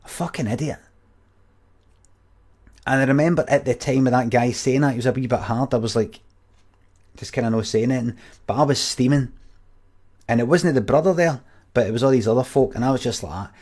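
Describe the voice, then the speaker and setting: Scottish guy in his 40s or so telling a story on stream, swears a lot, keeps restarting sentences, normal mid pitch. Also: a little fast, pauses often, darkish tone. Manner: sweary, blunt, restarts often. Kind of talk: casual rambling anecdote.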